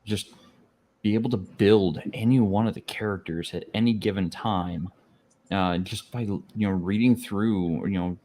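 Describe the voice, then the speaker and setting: Man, very low voice, halting delivery with lots of fillers. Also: warm tone. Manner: halting, many fillers and restarts. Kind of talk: casual podcast chat.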